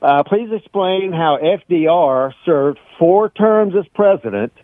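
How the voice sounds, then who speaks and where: A man's voice: on the high side, animated, unhurried, no room sound. A man calling in to a talk radio show, asking pointed, sarcastic questions. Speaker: caller. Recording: tinny phone line.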